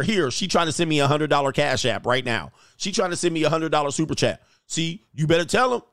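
With a fairly high, somewhat bright voice, the show host and relationship coach jokes crudely and talks directly to his livestream chat. The audio is studio quality with no room sound.

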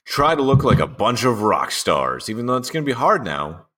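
A man's voice: medium pitch, sing-song, moderate pace, bright, forceful tone. A man co-hosting a casual sports podcast, joking and blunt. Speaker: podcast co-host.

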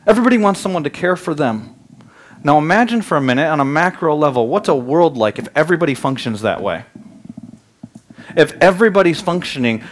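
A man in his thirties preaching a sermon as pastor, telling lively stories that climb loud and high. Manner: animated storytelling, rising loud and high in anecdotes. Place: church sanctuary.

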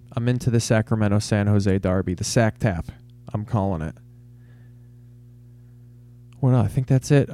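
A man's voice: medium pitch, darkish tone, clean tone. A man hosting a podcast, rambling through a casual sports monologue with heavy swearing. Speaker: podcast host.

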